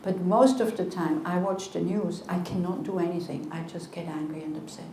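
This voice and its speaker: In an echoey room with some faint noise, a Buddhist teacher in her sixties offers a conversational dharma talk and responds to questions, slipping in earnest rhetorical asides. She speaks at a moderate pace in a lowish, mellow voice with a steady tone.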